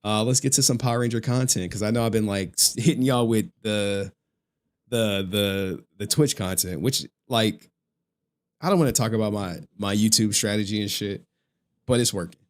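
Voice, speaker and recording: A man's voice: lowish voice, moderate pace. A man streaming, telling stories in casual, slangy, profane talk. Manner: animated, profane, slangy storytelling. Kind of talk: casual livestream chat.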